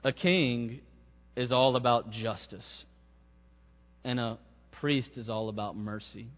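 A man's voice: mid-range voice, slow. A man preaching a sermon, his voice rising to stress key phrases. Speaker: pastor. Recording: muffled sound with long hall reverb.

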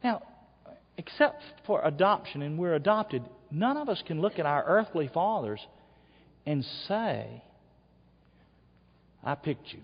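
Pastor preaching: slow and very expressive, a little husky, dull long-reverb church recording. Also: male voice, a little high. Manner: preaching that swings from quiet asides to loud shouts. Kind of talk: sermon. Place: church sanctuary. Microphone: wearable mic.

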